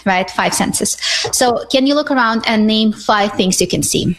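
Woman, calm instructor, steady mid-pitched voice, guides listeners through calming exercises. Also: moderate pace. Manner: calm, guiding, frequent "right?" tags. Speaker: guest expert on panic attacks.

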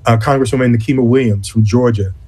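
A man of medium pitch speaks as a conference executive director in an interview. He talks deliberately and earnestly, often stopping to restart a phrase. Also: fairly even intonation, warm tone, slightly rough. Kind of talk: interview conversation.

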